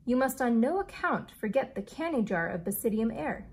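An eccentric, kindly male inventor speaks in slow, formal, old-fashioned phrases, read aloud by a woman. The voice sits a little high, with a faint hiss of room noise behind it. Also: sing-song, darkish tone.

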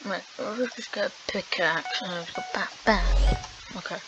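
A woman's voice: mid-range voice, a little slow, over music. Young woman whining through a game. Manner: dramatic, whiny, swings between loud outbursts and mumbling. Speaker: gamer. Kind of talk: casual gameplay commentary. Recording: noisy background.

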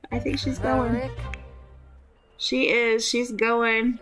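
A woman's voice: fairly high pitch, fairly even intonation, takes it slowly, a bit bright, faint music behind, rough recording. A woman giving casual, chatty commentary while playing a life-simulation game, full of fillers and giggles. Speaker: gaming youtuber.

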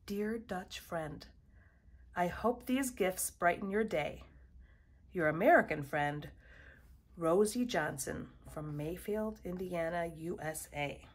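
A woman voicing a warm-hearted young American girl writing a friendly letter, in a storybook read aloud. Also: lowish voice, slow pace, breathy edge.

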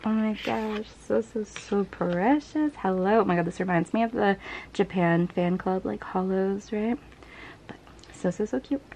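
A woman chatting through an unboxing, gushing and breathless, her voice sitting at an ordinary middle pitch. She drops into soft whispers now and then. Faint room noise hums underneath. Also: measured pace. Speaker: vlogger. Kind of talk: casual unboxing chat.

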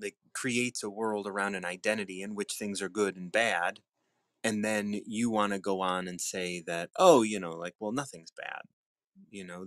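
A man with a fairly low voice hosts a daily reading show, reflecting in a calm, musing way. He trails off and restarts as he thinks aloud. The sound is dry, with no room around it. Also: dry recording. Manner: musing, unhurried, with restarts and shifts into soft tones. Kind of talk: reflective reading and casual talk.

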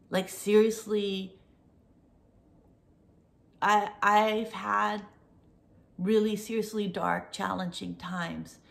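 A woman's voice: mid-range voice, fairly bright tone. Middle-aged woman host, cozy rambling storyteller, slips into a whisper for suspense. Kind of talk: casual chat, storytelling.

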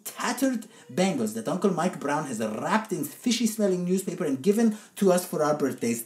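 A woman's voice: medium pitch, darkish tone, echoey room. A woman co-hosting a comedic football podcast, ranting in an indignant, sarcastic, theatrical way. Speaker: co-host and football analyst. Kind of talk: comedic sports podcast rant.

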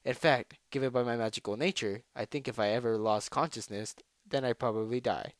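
Brief: a man playing a gentle, slightly odd pine cone creature, soft-spoken. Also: mid-range voice, fairly even intonation, a little fast, no echo, close to an everyday voice. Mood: calm.

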